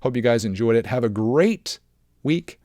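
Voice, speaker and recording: A man's voice: medium pitch, lively intonation, normal speed, darkish tone, no echo, studio quality. A man in his thirties hosting a casual solo podcast, chatting in an upbeat, encouraging, rambling way. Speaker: podcast host.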